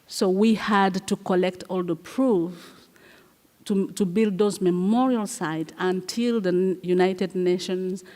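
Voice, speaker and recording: A woman from Rwanda, a guest playwright and performer, talking in an interview with frequent pauses and repeated words. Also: lowish voice, steady tone, warm tone. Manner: halting, repeats words, earnest. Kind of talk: conversational interview. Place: festival hall stage. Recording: long reverb of a live festival hall.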